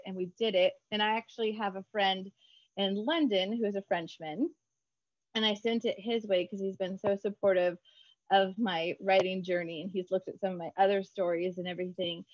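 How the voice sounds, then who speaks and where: A woman author chatting in an interview, bubbly and quick, acting out her own remarks in lively voices. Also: medium pitch, no echo, muffled recording. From United States. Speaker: author guest. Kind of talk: casual interview chat.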